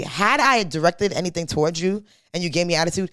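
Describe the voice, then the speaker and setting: A young adult woman with a lowish voice co-hosts a studio podcast, talking fast with no echo. She tells a story in casual chat, full of slang and swearing, animatedly acting out what people said.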